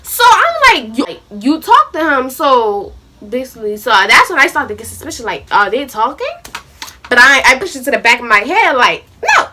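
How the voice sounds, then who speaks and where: A young woman vlogging a storytime, animated and acting out both sides of an argument. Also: sits high, normal speed, a little hiss or hum. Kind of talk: storytime vlog.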